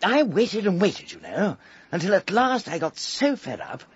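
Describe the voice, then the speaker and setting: An actor playing a nervous, excitable young upper-class man in a vintage radio drama, dithering and gushing. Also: high-pitched, a little slow, breathy edge, exaggerated voice. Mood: flustered. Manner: dithering, fussy, breathless gushing. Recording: dull old radio recording.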